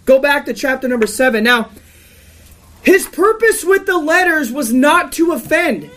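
A woman's voice: sits high, animated, normal speed, fairly bright tone. A woman reading scripture and preaching an emphatic, rebuking sermon.

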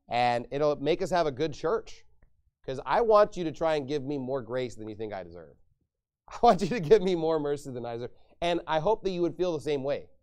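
Male pastor, slightly high voice, emphatic sermon delivery. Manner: emphatic, rises loud on sarcastic points.

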